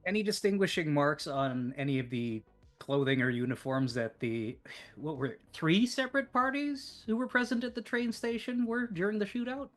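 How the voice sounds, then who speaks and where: A man's voice: high-pitched, lively intonation, normal speed, fairly bright tone, faint music behind. A man playing a tabletop game, speaking as a weary ex-military character in an easygoing, self-deprecating way. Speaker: player. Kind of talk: in-character roleplay.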